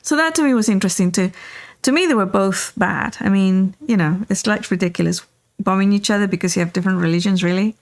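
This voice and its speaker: A woman's voice: mid-range voice, fast talker. Middle-aged woman, podcast host, casual storytelling, rambling with fillers, talking in a car. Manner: relaxed, rambling anecdotes with many fillers. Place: in a car while driving.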